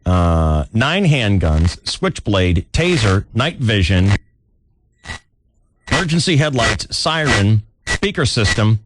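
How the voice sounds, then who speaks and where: Low, lively-voiced radio host. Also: male voice, slow, background noise. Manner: wry, storytelling, animated asides. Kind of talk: casual morning-show banter.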